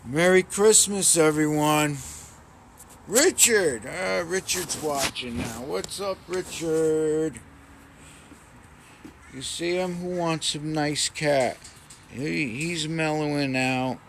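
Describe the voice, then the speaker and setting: A man casually rambling in a home vlog, cooing softly at his cats. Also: fairly high pitch, slow, gravelly, a little hiss or hum. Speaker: vlogger. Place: home indoors.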